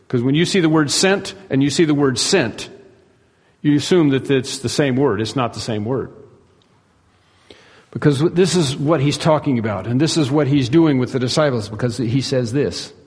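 A man preaching a sermon, emphatic, rising to loud peaks and dropping to hushed asides. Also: medium pitch, normal speed, slightly rough, long reverb tail. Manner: emphatic, swings between soaring and hushed. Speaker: pastor.

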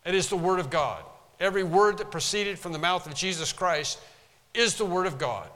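A man's voice: high-pitched, expressive, moderate pace, long pauses, fairly bright tone, in a large hall. A man preaching a sermon as pastor from a pulpit, in an emphatic manner that stresses single words and sometimes pounds the pulpit. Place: church sanctuary.

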